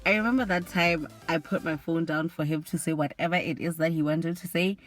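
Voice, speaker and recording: A woman's voice: deep voice, level tone, moderate pace, soft background music. A young woman telling a personal story to camera in a candid, exasperated way, with plenty of "like". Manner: candid, exasperated, often says "like". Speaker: vlogger.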